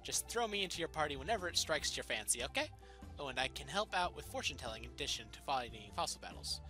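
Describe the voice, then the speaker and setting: Cheerful young psychic girl, sing-song and lively, a gamer doing the voice. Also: mid-range voice, fast talker, soft background music. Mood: chirpy. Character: cheerful young female psychic fortune teller. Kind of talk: reading game dialogue aloud in character.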